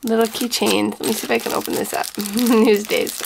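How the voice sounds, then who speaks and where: A woman's voice: mid-range voice, fairly even intonation, fairly quick, creaky, few pauses, background noise. A woman chatting casually as she unboxes gifts on camera, gushing over each small item and sprinkling in Japanese phrases. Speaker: scrapbooking vlogger.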